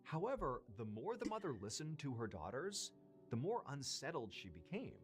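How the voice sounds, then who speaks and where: A man's voice: mid-range voice, big pitch swings, moderate pace, faint music behind. A man narrating a creepy story from a played video, building suspense.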